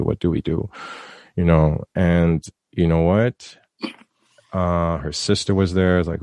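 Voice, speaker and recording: A man with a very low, gravelly voice tells a personal story in a relaxed podcast chat. He is earnest and heartfelt, and he often stumbles and restarts his sentences as he goes. The sound is close and dry. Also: dry recording. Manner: earnest, rambling, with frequent restarts. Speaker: guest telling a personal story. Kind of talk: casual podcast conversation.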